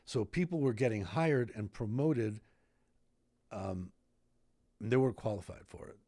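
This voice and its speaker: A man's voice: fairly low pitch, a little slow, no room sound. A man in his fifties, a retired fire captain, telling stories animatedly as a podcast guest. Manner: animated storyteller who acts out dialogue. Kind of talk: casual podcast interview. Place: podcast studio in Idaho.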